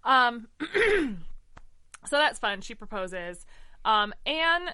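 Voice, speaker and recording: Bright upbeat woman rambling happily, kinda high, dry close sound. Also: big pitch swings, extremely slow, dry recording. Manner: chatty, enthusiastic, lots of fillers. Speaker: podcast co-host. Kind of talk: casual chat recapping a musical.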